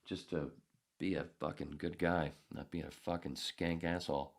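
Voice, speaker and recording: A man's voice: sits low, fairly even intonation, normal speed, gravelly. An older man hosting a podcast, telling a meandering story full of swearing and often losing his place. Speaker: podcast host. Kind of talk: rambling storytelling monologue.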